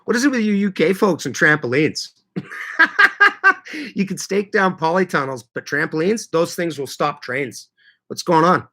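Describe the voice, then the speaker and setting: Man, from central Canada, casual livestream host, bright forceful voice, loud cheerful greetings. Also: fairly high pitch, lively intonation. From Canada (Manitoba). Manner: chatty, greets viewers loudly, quick laughs. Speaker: livestream host reading chat.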